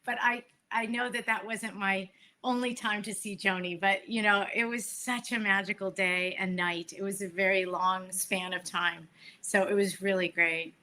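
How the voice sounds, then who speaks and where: A woman guest chatting in a relaxed, rambling way on a live stream. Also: mid-range voice, normal speed. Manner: relaxed, rambling, self-deprecating. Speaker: musician guest. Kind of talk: casual live-streamed conversation.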